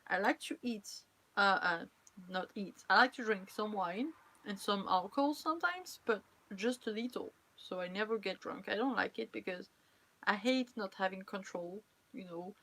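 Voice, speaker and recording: Speaking at medium pitch and a moderate pace, a young French woman with a fairly bright tone hosts a live stream as a cosplayer. She keeps it casual and playful, with frequent laughter and teasing of her viewers, all in a French accent.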